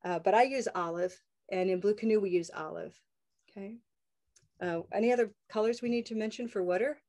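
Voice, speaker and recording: A cheerful woman with a North American accent leads a live online English pronunciation lesson. She drags out sample words slowly and deliberately so learners can copy them. Her voice sits in an ordinary middle pitch for a woman. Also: warm tone. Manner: upbeat, drawn-out modeling of sounds. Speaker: pronunciation teacher.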